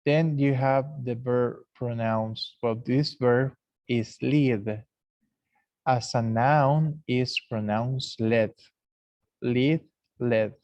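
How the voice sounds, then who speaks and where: Slow male English teacher. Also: medium pitch, steady tone, a little mellow, no room sound, highs cut off. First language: Spanish. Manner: explains slowly, repeats example words aloud. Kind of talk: classroom lesson recording.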